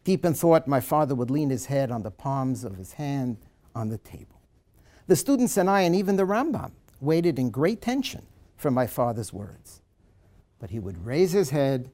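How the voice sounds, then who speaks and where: A lecturing man in a seminar gives a dramatic, animated reading of a passage and then explains it. He speaks at a normal speed in a mid-range voice.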